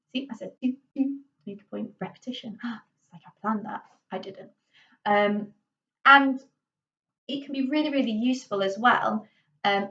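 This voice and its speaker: A woman's voice: medium pitch, fairly bright tone. A young woman explaining drama voice skills in a casual tutorial, chatty and demonstrating each one aloud. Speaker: drama teacher. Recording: slightly distant dull lo-fi mic.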